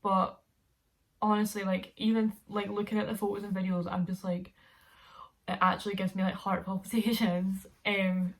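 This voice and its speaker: Young woman, twenties, vlogger; casual, rambling, giggly storytelling at a mid pitch. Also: little pitch movement, normal speed. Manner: chatty, rambling, laughs often.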